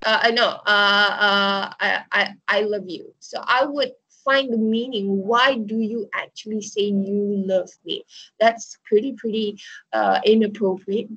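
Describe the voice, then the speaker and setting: A woman teaching a university class, her voice a little breathy and recorded close and dry with no room sound. She walks through ideas with everyday examples and keeps landing on "okay, so" as she restarts her sentences. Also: mid-range voice, fairly bright tone, no room sound, lo-fi sound. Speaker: lecturer. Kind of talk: online university lecture.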